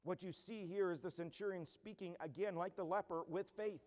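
A man pastor delivers an earnest, emphatic expository sermon in a fairly high voice. His speech carries a long reverb from a large church hall. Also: fairly even intonation, fairly quick, darkish tone.

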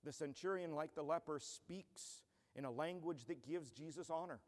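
A man pastor delivers an earnest, emphatic expository sermon in a fairly high voice. His speech carries a long reverb from a large church hall. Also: moderate pace, a little mellow.

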